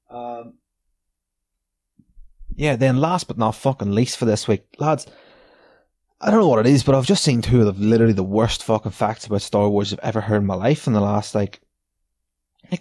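A man's voice: mid-range voice, darkish tone, no room sound. A man hosting a podcast, ranting in a casual, sardonic way, swearing a lot and laughing between lines. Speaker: podcast host. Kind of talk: casual solo rant.

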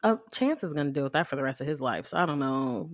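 A young woman with a deep, expressive voice talks fast as she co-hosts a casual podcast. She tells stories animatedly and swears freely.

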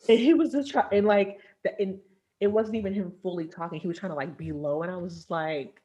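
A woman telling a story in casual chat, animated and laughing often, acting out the people she quotes. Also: medium pitch, normal speed, muffled recording.

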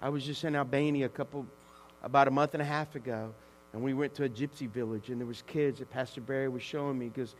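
A man preaching a sermon as pastor, animated, swinging from hushed to shouting. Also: medium pitch, fast talker. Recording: long hall reverb with mains hum.

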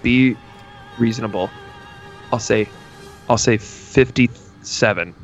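A man chatting casually, telling stories in a rambling, animated way and piling up "like" and "uh." His pitch sits in the middle range. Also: slow, muffled recording, soft background music. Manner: rambling, animated retelling, full of fillers. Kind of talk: casual chat.

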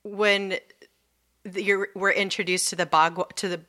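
A woman's voice: medium pitch, flat delivery, normal speed, bright, forceful tone. A woman in her thirties chatting casually, telling a rambling story full of fillers. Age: 30s. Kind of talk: casual chat.

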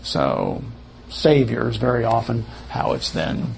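A man teaching a Bible study lesson in an unhurried, explanatory way, correcting himself as he goes. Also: mid-range voice, very animated, creaky, slight background noise.

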